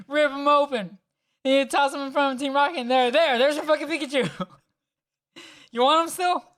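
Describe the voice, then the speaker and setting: A man's voice: extremely high pitch, steady tone, moderate pace, a bit bright. A man co-hosting a podcast, joking and swearing in casual chat, with lots of "like" fillers. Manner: joking, profane, rambling with many "like" fillers. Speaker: podcast co-host.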